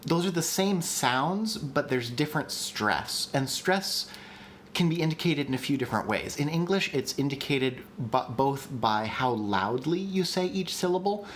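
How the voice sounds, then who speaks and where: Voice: mid-range voice, expressive, unhurried, a little hiss or hum. Chatty, eager livestream language teacher. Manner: chatty and enthusiastic, with frequent ums and restarts. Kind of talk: casual livestream lesson.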